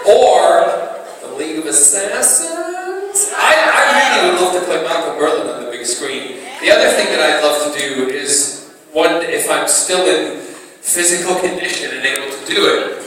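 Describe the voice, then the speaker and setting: A man's voice: fairly high pitch, expressive, measured pace. A man with an American accent who grew up in Scotland, answering fans at a convention panel in a playful, flirtatious way and laughing often. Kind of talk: live Q&A with fans. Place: large convention hall with audience. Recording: echoey convention hall recorded from far off, loud crowd.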